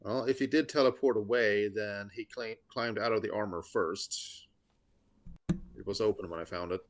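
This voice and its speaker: Male player, lowish voice, matter-of-fact, thinks out loud. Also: moderate pace. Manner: reasoning aloud, matter-of-fact. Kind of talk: casual tabletop play.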